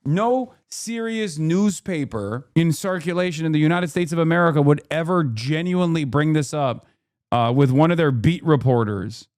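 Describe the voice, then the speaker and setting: Male streamer, sarcastic ranter, pitch sits a touch high; jumps loud when mocking. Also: moderate pace, no room sound, clean studio sound. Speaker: streamer reacting to clips. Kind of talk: casual profane commentary.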